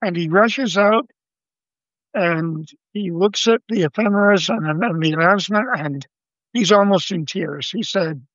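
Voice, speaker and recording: An older man, a guest astronomer, telling a story in an interview in a measured, vivid way and quoting the people involved. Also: sits high, fairly bright tone, no room sound. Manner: measured, vivid storyteller who quotes others. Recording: dull lo-fi dry sound.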